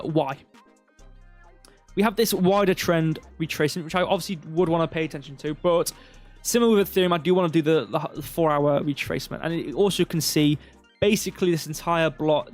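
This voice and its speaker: Male stream host, a bit high-pitched, loose and chatty, thinks aloud over charts. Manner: rambling, filler-heavy, thinking aloud. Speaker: crypto livestream host. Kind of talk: casual live chart commentary.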